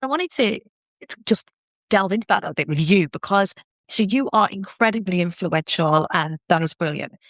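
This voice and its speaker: A woman's voice: medium pitch, expressive, normal speed, fairly bright tone, no room sound. A British woman hosting a podcast, chatty and curious as she questions her guest. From United Kingdom. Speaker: podcast host. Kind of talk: podcast interview.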